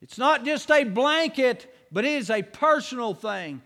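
A man's voice: very high voice, normal speed, gravelly, few pauses, a bit bright, long reverb tail. A man preaching a sermon, telling folksy stories and then building to fervent preaching. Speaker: pastor.

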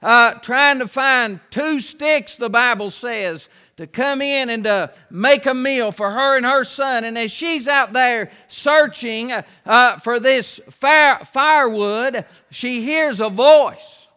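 Brief: pastor, man, very high and bright voice, slow folksy sermon, long church reverb. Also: clean tone. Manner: folksy, storytelling, asks rhetorical questions.

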